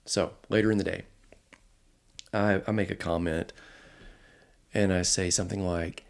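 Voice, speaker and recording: A man's voice: deep voice, a little slow, creaky, long pauses. A man telling a story in casual podcast chat, acting out the people he quotes. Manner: animated, quotes others in lively voices. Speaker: podcast host, instructor.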